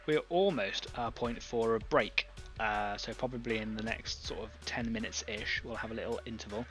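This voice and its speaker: A man's voice: lowish voice, a little fast, fairly bright tone, soft background music. A man hosting an online painting club, chatting casually and thinking aloud as he demonstrates airbrush painting. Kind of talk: casual live-stream painting demo.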